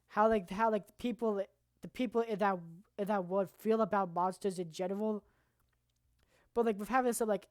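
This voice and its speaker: A woman streamer presenting anime awards in casual, rambling, profane commentary that now and then bursts into loud shouting. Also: medium pitch, dry recording, studio quality.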